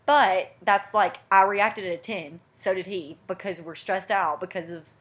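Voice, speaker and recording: A young woman co-hosting a podcast tells a story in casual chat, her voice medium-pitched and a little slow. She's an animated storyteller who acts out what people said.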